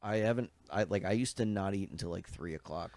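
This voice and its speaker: A man co-hosting a podcast, telling stories in an animated way and swearing casually. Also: deep voice, a little fast, dry recording. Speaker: podcast co-host. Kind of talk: casual chat.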